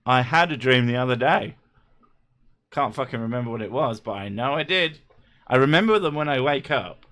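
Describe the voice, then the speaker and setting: Animated and forceful, his bright medium-pitched voice carries a loose, funny livestream. The host swears openly, makes jokes, and fires off fast asides.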